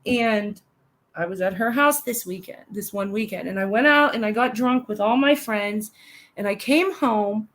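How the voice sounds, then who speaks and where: This podcast co-host, a woman in her thirties with a medium-pitched, slightly bright voice, keeps things casual as she reads live comments and tells brief stories, giggling throughout.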